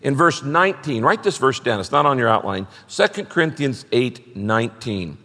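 A middle-aged man preaching a sermon as pastor, animated and emphatic, repeating key words for stress. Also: mid-range voice, moderate pace, in a large hall.

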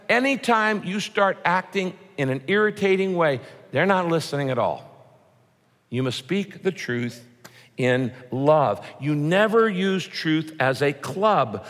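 A male pastor preaching a sermon with a lively, swinging delivery and a voice sitting a bit high for a man. He throws in punchy rhymes and acts out mock quotes. The sound carries a long reverb, as if from a large church hall. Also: a little slow.

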